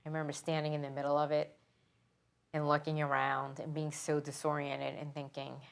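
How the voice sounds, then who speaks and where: A middle-aged woman firefighter from New York, recounting her memories in an earnest, emotional, halting way during an interview. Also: low voice, completely flat delivery, creaky. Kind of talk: interview, personal recollection.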